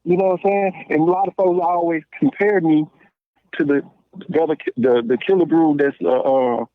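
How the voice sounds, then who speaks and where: A man in his late thirties from Memphis, Tennessee, with a Southern accent, a podcast guest telling stories in a blunt, slangy, animated way with lots of restarts. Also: a little high, moderate pace, no room sound. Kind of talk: casual call-in conversation. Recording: tinny dry phone line.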